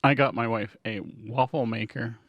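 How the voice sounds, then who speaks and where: A man co-hosting a podcast in casual chat, dropping dry, deadpan quips. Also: medium pitch, moderate pace, dry recording, dull audio. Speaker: podcast co-host.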